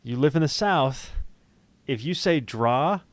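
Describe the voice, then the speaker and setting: A man's voice: medium pitch, animated, slow pace, no echo. Joking man on a dry close mic. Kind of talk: casual chat. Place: the American South.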